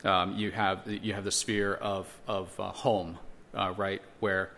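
A man's voice: deep voice, little pitch movement, slow, bright, forceful tone, a little hiss or hum. A man teaching a church Bible lesson, earnest and explanatory, using rhetorical questions and frequent restarts.

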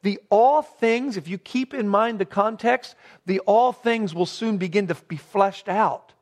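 A man's voice: high-pitched, unhurried. A man preaching a sermon, earnestly stressing key words and posing rhetorical questions.

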